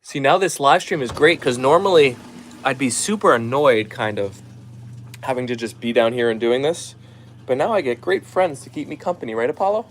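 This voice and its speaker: A man chats casually through a live stream from his home, reading out viewers' comments in an easygoing voice of ordinary middle pitch. Between comments he drops to soft shushes and gentle words to calm his dogs. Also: normal speed, slight background noise. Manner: chatty, reads viewer comments aloud and hushes his dogs softly. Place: at home, down in the basement.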